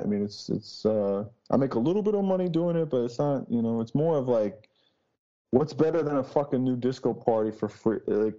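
Man, brash and profane, rambling stories, dark tone, muffled lo-fi sound. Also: mid-range voice. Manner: brash, swears a lot, rambling storytelling. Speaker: podcast guest, street DJ. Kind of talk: casual chat. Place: Boston.

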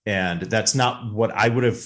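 Male co-host, low voice, chatty film talk that corrects itself. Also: measured pace, a bit bright. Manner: chatty, self-correcting, affirming. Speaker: podcast co-host. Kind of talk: casual movie discussion.

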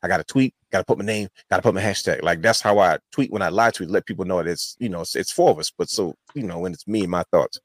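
A man's voice: low voice, quick pace, few pauses, dry recording. A man hosting a wrestling podcast, telling a long rambling story in casual chat. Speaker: podcast host.

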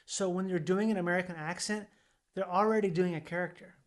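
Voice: medium pitch, steady tone, a little fast. A podcast co-host chatting casually, rambling through lots of fillers and swearing now and then. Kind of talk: casual chat.

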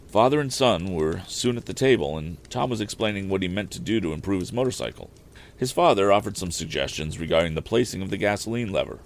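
A man narrating a storybook aloud as podcast host, in an expressive, measured storytelling way. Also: sits low, gravelly. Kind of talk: audiobook narration.

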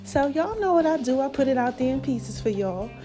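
A woman's voice: high-pitched, animated, brisk, music in the background. A woman hosting a casual motivational podcast, folksy and affectionate, a little out of breath with a swollen throat. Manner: folksy, affectionate, calls listeners baby and y'all. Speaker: podcast host.

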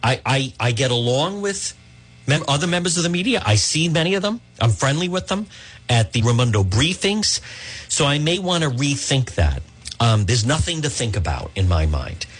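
Husky, combative talk radio man. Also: mid-range voice, big pitch swings, moderate pace, fairly bright tone. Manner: combative and emphatic, stumbling restarts. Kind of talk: opinionated talk radio monologue.

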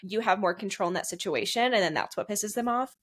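A woman's voice: medium pitch, a little fast. A young woman co-hosting a podcast in casual chat, chatty and laughing often, full of "like". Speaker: podcast co-host.

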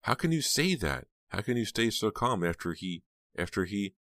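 Upset teen girl, shrill and heated, read by a man, dry close sound. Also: very animated, moderate pace, a bit bright, no room sound. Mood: furious. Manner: raised, high-pitched, cries out.

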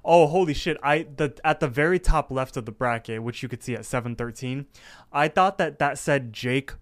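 This male podcast co-host speaks at a normal speed in a mid-range, slightly bright voice. His casual recap of a cartoon episode meanders, packed with fillers and restarts.

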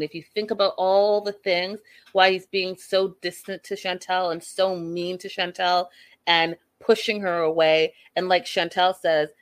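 A woman's voice: on the low side, dry recording. A woman, casually recapping a reality show and giving her opinions as she retells the scenes. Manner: chatty, opinionated, retelling scenes in quoted dialogue.

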